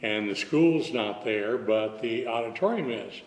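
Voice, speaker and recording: A man in his eighties from Southern California, a guest telling stories with relaxed, self-deprecating humor. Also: medium pitch, measured pace. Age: 80s. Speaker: interview guest. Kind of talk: casual interview chat. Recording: echoey hall with long reverb.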